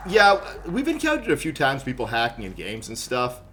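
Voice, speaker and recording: A man's voice: medium pitch, wildly swooping pitch, moderate pace, fairly bright tone, a little hiss or hum. A man doing live gameplay commentary, joking and chatting with viewers in rambling asides. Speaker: game streamer.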